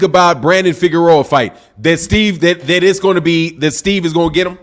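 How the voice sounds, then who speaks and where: Loud excitable high-voiced man projecting hard. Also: moderate pace, hardly any pauses. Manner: loud, projecting, excitable, says bro a lot; reads super chats aloud. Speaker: boxing channel host. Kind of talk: live-stream boxing talk. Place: home live stream, sipping drinks.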